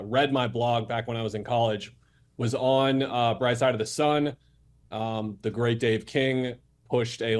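A young man, a sports reporter guest, talking fast and animated in a casual podcast chat, full of restarts. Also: mid-range voice.

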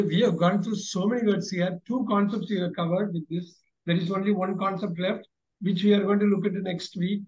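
An encouraging male teacher, leading an online class. His voice sits high and he keeps repeating his instructions, stopping and starting with fillers. The sound is dull and lo-fi. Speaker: English teacher. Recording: dull lo-fi recording.

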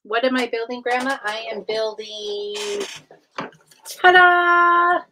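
A woman's voice: a little high, level tone, moderate pace, a little hiss or hum. A woman hosting a casual live stream, chatting with viewers and greeting them by name while she builds. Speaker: live-stream host building brick sets.

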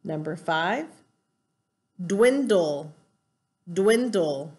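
In a lowish, slightly mellow voice with lively intonation, a woman teacher speaks very slowly through a recorded spelling lesson. She explains each rule patiently, step by step, and spells the words letter by letter.

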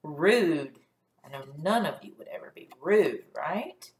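A woman teacher leading a first grade phonics lesson, sounding out letters slowly and praising the class. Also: fairly low pitch, animated, a little mellow, slight background noise. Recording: echoey room.

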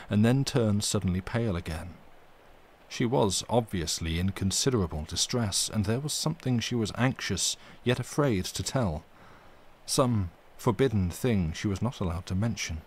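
A man reading a ghost story aloud on a live stream, with expressive, dramatic emphasis. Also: on the low side, normal speed, slight background noise.

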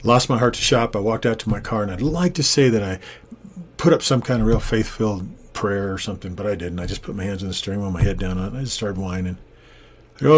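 An older man, a Christian minister, telling a personal testimony in an earnest, animated way and acting out the people he quotes, recorded in a home studio on a desktop microphone. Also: fairly low pitch, fast, slight background noise. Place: home studio with green screen. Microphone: desktop USB studio microphone.

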